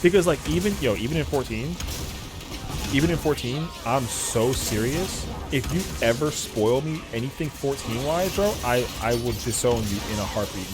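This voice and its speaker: A man streaming a game, telling a casual story in slangy, profane talk and acting out what friends said. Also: mid-range voice. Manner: animated, slangy, profane, acts out quotes. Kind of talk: casual storytelling while gaming.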